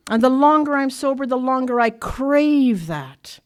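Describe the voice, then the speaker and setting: A woman addresses a workshop audience in a fairly high voice. She tells her own story plainly and bluntly, laughing often along the way. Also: lively intonation, a little slow, clean tone. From Ireland. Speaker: recovery meeting speaker. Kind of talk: personal recovery talk to an audience. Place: workshop meeting room.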